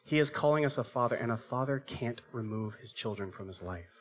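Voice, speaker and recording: A man's voice: medium pitch, expressive, brisk. A man in his thirties preaching a sermon as pastor, telling a family story with acted-out voices and asking the congregation rhetorical questions.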